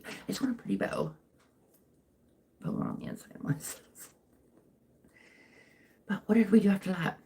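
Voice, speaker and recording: A young woman talks through a casual livestream from home on her phone. Her voice sits fairly low, and her chatter rambles and keeps doubling back as she works on a craft. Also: darkish tone. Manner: rambling, chatty, self-interrupting. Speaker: livestream host. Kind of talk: casual live chat while crafting. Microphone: phone mic.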